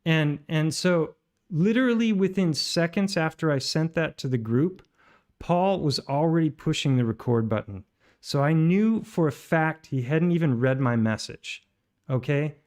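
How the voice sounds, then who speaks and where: A man with a fairly high voice hosts a livestream and comments on voice messages. He rambles and halts, with plenty of fillers and restarts. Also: lively intonation, darkish tone. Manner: rambling, halting with many fillers. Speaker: livestream host.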